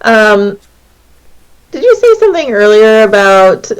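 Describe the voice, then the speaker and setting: A woman takes her turn as a player in a tabletop role-playing game. She speaks slowly and hesitantly in a slightly low voice. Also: a little mellow, rough recording. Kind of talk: casual chat.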